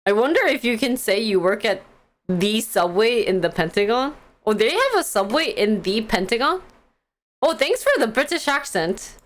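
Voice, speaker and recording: A woman's voice: on the high side, lively intonation, normal speed. A young woman hosting a live stream, chatting casually and giggling as she reads stock news and answers the chat.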